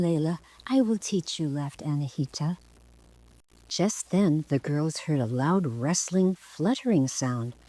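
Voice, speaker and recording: An older woman narrating her own storybook in a soft, often whispery way. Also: low-pitched, no echo, poor audio.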